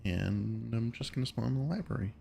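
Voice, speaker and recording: A man's voice: medium pitch, brisk, gravelly, warm tone. A man giving casual gameplay commentary, thinking aloud and often muttering questions to himself. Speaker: let's play gamer.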